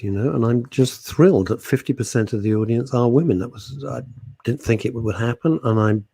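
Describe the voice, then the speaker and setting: Middle-aged male radio co-host, husky and earnest, faltering as he speaks. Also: medium pitch. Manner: heartfelt, halting, trailing off softly. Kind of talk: casual radio chat, reading listener messages. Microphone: studio microphone.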